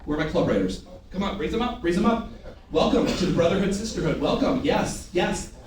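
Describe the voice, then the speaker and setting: A man with a high voice works a live room as a sales trainer, calling out lines for the audience to say back and ribbing people by name. He sounds distant, caught by a mic set far from him, with heavy echo filling the large room and a faint hiss underneath. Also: brisk. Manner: energetic, call-and-response with the audience; teasing, loud bursts. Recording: echoey room recorded from far off.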